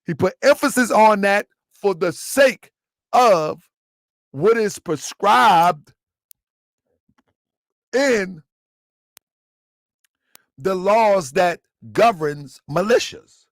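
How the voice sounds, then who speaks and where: A man's voice: sits high, animated, drawn-out words, long pauses, dry recording. A man hosting a live commentary, talking emphatically, repeating his points and quizzing his listeners. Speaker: commentary channel host.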